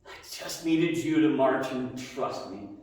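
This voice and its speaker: A man's voice: mid-range voice, a little mellow. Man, pastor, sermon, earnest with playful asides, long reverb, distant from mic. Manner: earnest, building to prayer with dramatic pauses. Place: church sanctuary. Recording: echoey hall, mic at a distance.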